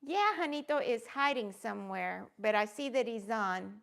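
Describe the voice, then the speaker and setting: On a casual crafting livestream, a woman with a high, creaky, gravelly voice talks at a normal speed in an animated way. She rambles warmly with lots of fillers, gushing and welcoming each viewer by name.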